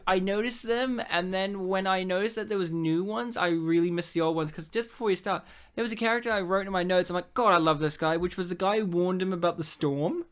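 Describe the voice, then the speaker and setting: A woman co-hosting a relaxed film commentary, talking loosely and laughing often. She swears freely and drops into playful voices for her jokes. Her voice sits at an ordinary middle pitch. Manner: giggly, swears a lot, does silly voices. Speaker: podcast co-host. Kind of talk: casual film commentary chat.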